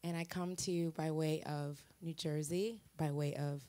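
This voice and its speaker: A woman's voice: deep voice, moderate pace, no echo. A woman from Wisconsin, a guest speaker at a church, sharing family stories in a chatty way, laughing often and poking fun at herself. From Wisconsin, USA. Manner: laughing, self-mocking, lively storytelling. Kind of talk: chatty personal sharing to a congregation.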